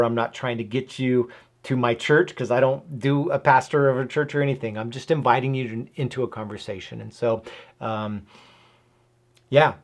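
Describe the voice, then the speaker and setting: A man hosting his own channel, giving casual Bible teaching to camera in an earnest, emphatic way, often asking rhetorical questions and adding "right?". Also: medium pitch. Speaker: host of a Bible and whiskey channel.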